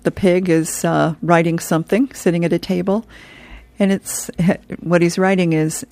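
A woman's voice: lowish voice, fairly even intonation, moderate pace, a little mellow, no echo. A woman radio host reading comic strips aloud and running through today in history, laughing between the jokes.

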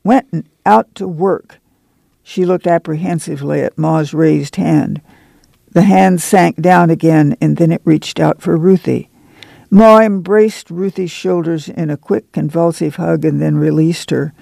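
Male narrator, measured storybook delivery, slightly high pitch with heavy fry. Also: fairly even intonation, dark tone, dry recording. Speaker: audiobook narrator. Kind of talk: scripted narration.

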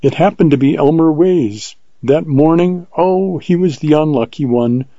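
A man's voice: on the high side, a little slow, mellow, dry recording, highs cut off, pitched above the performer's own voice. A man reading aloud, voicing a spirited, proud young woman who is impulsive and teasing. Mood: lively.

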